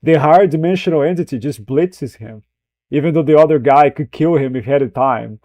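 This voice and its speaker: A man chatting through a reaction stream, his mellow voice rambling, swearing and chuckling at his own slips. The sound is dry and close, with no room around it. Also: on the high side, fairly quick, no room sound. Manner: swears freely, rambling, laughs at himself. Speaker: streamer reacting to a film clip. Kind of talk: casual reaction commentary.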